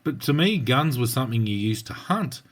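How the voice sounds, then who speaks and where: A man's voice: medium pitch, very animated, normal speed. A man with an Australian accent, a former cop co-hosting a podcast, telling stories bluntly in colloquial slang. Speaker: podcast co-host, former police officer. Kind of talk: casual podcast chat.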